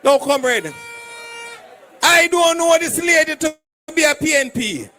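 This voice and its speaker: A Jamaican man, a doctor and political candidate, shouting a fiery rally speech to a crowd of supporters. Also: very high voice, animated, unhurried, slight background noise.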